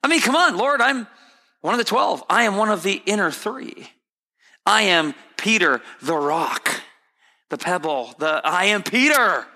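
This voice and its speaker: A man's voice: high-pitched, lively intonation, measured pace, sharp tone, heavily acted. A man voicing the apostle Peter as proud and indignant, protesting in exasperation. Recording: hall reverb.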